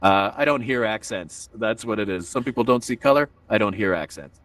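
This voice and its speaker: A man's voice: on the low side, fairly quick, a bit bright, no room sound, far from the mic. Rambling self-deprecating comedy host, man. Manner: rambling, self-deprecating, full of filler asides. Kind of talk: stand-up comedy. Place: virtual reality room.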